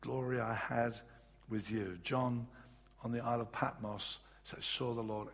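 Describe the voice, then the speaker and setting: A man preaching a sermon in an earnest, halting way with many restarts, his voice just back after being lost. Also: medium pitch, flat delivery, vocal fry. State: voice recovering from loss. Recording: echoey hall.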